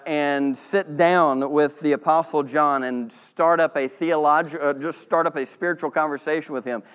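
A man preaching a sermon in an earnest way, repeating key points and pressing them harder as he goes. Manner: lively, rises in pitch and volume when pressing a point. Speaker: pastor.

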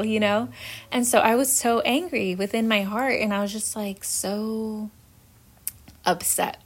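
Chatty young woman on a faith podcast. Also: medium pitch. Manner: candid and chatty, many fillers like "like". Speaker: podcast host. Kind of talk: personal faith podcast storytelling.

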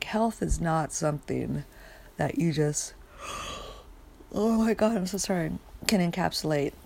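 A woman's voice: deep voice, creaky, darkish tone, breathy edge. A young woman rambling in a casual rant, sleepy and yawning, swearing often and stopping to restart her sentences. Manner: rambling, profane, many fillers and restarts.

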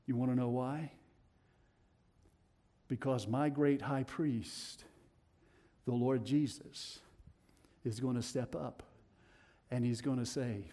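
A middle-aged man with a Tennessee accent preaching a sermon, swinging between loud declarations and hushed, low passages. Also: fairly even intonation, takes it slowly, long pauses.

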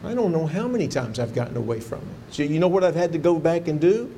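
A warm, fairly high-pitched male voice belongs to a pastor who talks fast and expressively. His sermon features an earnest personal story that climbs to fervent pleading as he quotes his prayers, with slight background noise in the clip.

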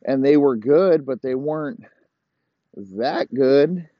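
A man's voice: mid-range voice, slow, no echo, muffled recording. A man hosting a podcast, ranting profanely and rambling in heated complaint. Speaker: podcast host. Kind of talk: profane casual rant.

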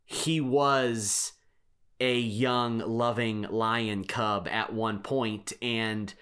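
Slow-talking emphatic male podcast host. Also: lowish voice, steady tone, a bit bright, clear, resonant tone. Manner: emphatic, declarative, enthusiastic opinions. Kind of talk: casual podcast chat.

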